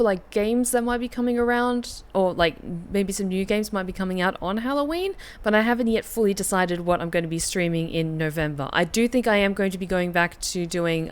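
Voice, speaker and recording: A woman streamer, chatty and excitable, reading a story game aloud and chatting with her viewers. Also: mid-range voice, smooth. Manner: chatty, excitable, many fillers and asides.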